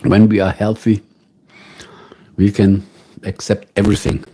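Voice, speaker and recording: A man with a German accent hosting a casual live stream from home, musing slowly and greeting viewers by name. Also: on the low side, completely flat delivery, warm tone, a little hiss or hum. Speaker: livestream host.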